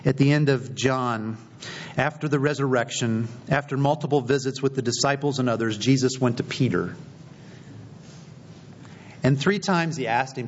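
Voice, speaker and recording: Man preaching a storytelling sermon. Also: moderate pace. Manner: storytelling, acting out quoted dialogue. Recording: slightly dull recording with faint low rumble.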